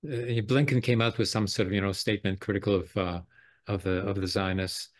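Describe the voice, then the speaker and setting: A man's voice: lowish voice, fairly even intonation, fairly quick. A man in casual political chat who rambles and leans heavily on "you know".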